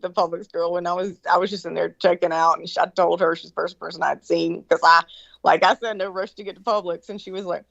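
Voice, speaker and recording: A woman telling a story in casual chat, swearing freely and animated, with lots of fillers and restarts. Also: on the low side, fast talker, vocal fry, no room sound. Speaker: guest recounting a story. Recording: dull lo-fi sound, dry.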